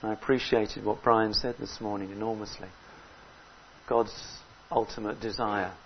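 A man preaching a sermon in an earnest way, rising loud on key words and dropping low between them. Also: steady tone, measured pace, muffled recording, a little hiss or hum.

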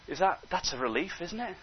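A high-voiced male preacher delivering a sermon, his voice dropping to hushed asides and then rising into emphatic exhortation. The recording is dull and lo-fi. His delivery stays animated throughout. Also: a little hiss or hum.

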